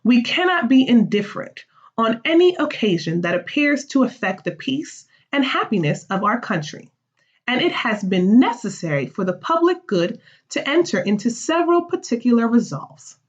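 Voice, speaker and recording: A woman's voice: a little high, sing-song, moderate pace. A woman reading the part of a colonial woman formally leading a patriot meeting, in a slightly muffled recording.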